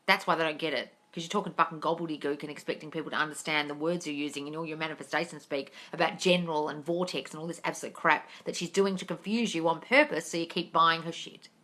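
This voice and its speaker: A woman's voice: sits low, fairly even intonation, quick pace, hardly any pauses, sharp tone. A woman answering viewer questions as a manifestation coach on a livestream, blunt and sweary, calling her viewers darling. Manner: affectionate asides to viewers.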